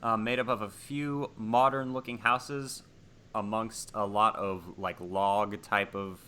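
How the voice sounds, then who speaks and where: A man narrating and hosting a tabletop horror game as game master, in a relaxed, conversational way. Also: fairly low pitch, slow, smooth.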